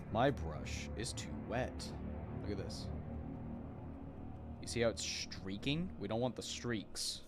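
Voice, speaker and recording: A man chatting casually while painting miniatures on a live stream, answering chat and joking at himself. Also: lowish voice. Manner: chatty, self-mocking, answers chat questions. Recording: music playing behind.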